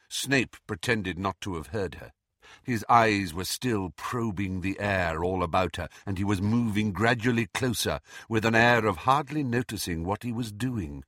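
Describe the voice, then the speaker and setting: A man narrating an audiobook in an expressive, dramatic reading. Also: lowish voice, normal speed, no room sound, clean studio sound. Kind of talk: scripted narration.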